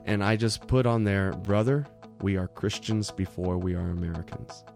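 An earnest male co-host talks through an interview clip and laughs easily. His voice sits somewhat low. Faint music plays under him. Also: steady tone, moderate pace, creaky, darkish tone. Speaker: podcast co-host. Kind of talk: casual commentary.

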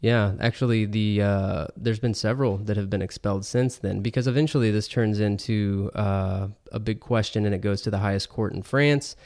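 A man's voice: on the low side, steady tone, normal speed, hardly any pauses, darkish tone. A man co-hosting a podcast in casual chat, explaining things thoughtfully with many ums and uhs. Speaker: podcast co-host.

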